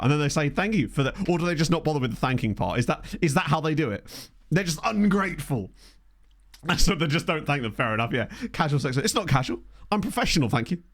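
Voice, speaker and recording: A man hosting a casual livestream, jokey and self-mocking, laughing often into a desktop microphone. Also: on the high side. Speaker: streamer and game host. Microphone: desktop USB microphone.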